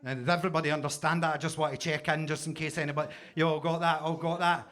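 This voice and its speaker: A man's voice: fairly high pitch, little pitch movement, fast, fairly bright tone. A Scottish man in his forties doing a stand-up set in a basement comedy club, with punchy, self-mocking storytelling. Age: 40s.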